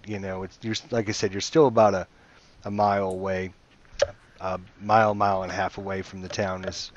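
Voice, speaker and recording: Over voice chat on a computer mic, a man with a fairly low voice acts as game master for a tabletop game. His narration rambles, full of fillers and restarts, and the sound is lo-fi.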